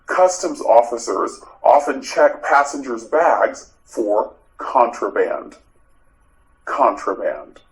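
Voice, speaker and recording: Slow, lively-voiced male English teacher. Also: medium pitch, low-quality recording. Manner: repeats each word, prompts learner to repeat. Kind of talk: slow drilled pronunciation lesson.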